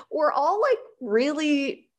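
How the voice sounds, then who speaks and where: A woman co-hosting a podcast in casual chat, telling stories in an animated way with many "like" fillers. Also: sits high, very slow. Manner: animated, storytelling, frequent "like" fillers. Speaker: podcast writer and co-host.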